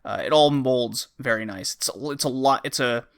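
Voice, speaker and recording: Bright-voiced man rambling about games. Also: medium pitch, moderate pace. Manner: rambling, frequent uh and um, acts out game lines. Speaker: podcast host. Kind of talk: casual game review chat.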